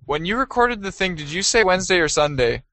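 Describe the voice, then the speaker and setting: An excitable man co-hosts a casual podcast and rambles from topic to topic. His voice is bright and a little high, and it sounds dry and close to the mic. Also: fast talker, no room sound. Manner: excitable, rambling, jumps into squeaky chipmunk voices. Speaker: podcast co-host. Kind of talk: casual chat.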